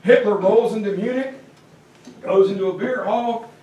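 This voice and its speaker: A man with a high voice gives an animated history lecture, joking and acting things out and breaking into shouts. He sounds echoey and a little distant, as if caught by a mic across a classroom. A faint noise sits under his voice. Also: normal speed, dull audio. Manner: jokey, theatrical, bursts into shouts. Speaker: teacher.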